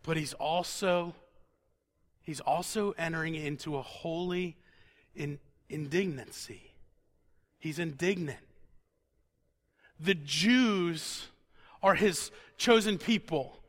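A man preaching a conversational sermon who repeats words for emphasis and sinks to a quiet, intense tone on solemn points. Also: on the high side, takes it slowly, long pauses.

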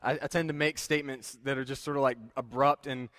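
A man's voice: medium pitch, fairly even intonation, a little fast, a bit bright, no room sound. A young man preaching a conversational sermon, plain-spoken and self-deprecating, with frequent fillers and restarts. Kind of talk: casual sermon.

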